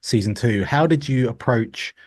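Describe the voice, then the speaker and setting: A man's voice: medium pitch, moderate pace, darkish tone, dry recording, studio quality. A male interviewer asking long, winding questions full of hedging fillers.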